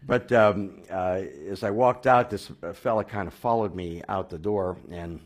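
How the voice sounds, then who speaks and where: A man telling his personal conversion story, halting with fillers and restarts, then growing animated and laughing at the funny parts. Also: fairly low pitch. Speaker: speaker sharing a personal conversion testimony.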